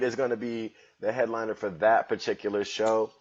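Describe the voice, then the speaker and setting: A man's voice: lowish voice, little pitch movement, moderate pace, lo-fi sound. A man hosting his own comedy podcast at home, joking around in loose slangy street talk. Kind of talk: casual solo podcast monologue.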